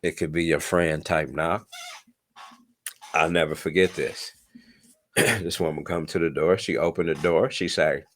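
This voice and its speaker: A man's voice: deep voice, fairly even intonation, a little slow, long pauses. A man in his twenties telling a personal story in a casual, laid-back way, swearing often and checking in with his listener. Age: 20s. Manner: laid-back, swears a lot, keeps asking "you know what I'm saying".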